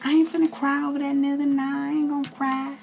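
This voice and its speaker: Brief: a woman doing a sassy young woman, high and defiant, brushing off tears. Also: level tone, quick pace, creaky, darkish tone. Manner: sassy, dismissive slang.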